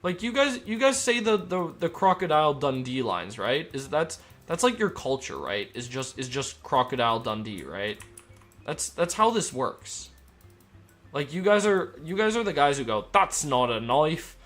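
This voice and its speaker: Joking young man with lively pitch. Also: normal speed, soft background music. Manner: joking, rambling, reads chat aloud. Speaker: streamer. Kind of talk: casual live-stream chat while gaming.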